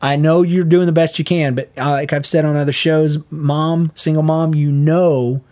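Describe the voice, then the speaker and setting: In casual chat, a middle-aged podcast co-host offers earnest, folksy parenting advice at a moderate pace. His voice sits on the high side, and he gets animated when he acts out quotes.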